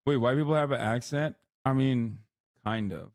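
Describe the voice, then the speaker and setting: A man's voice: mid-range voice, moderate pace, a little mellow, dry recording, clean studio sound. A male live streamer chatting casually and bluntly, reacting to viewer comments with sarcasm.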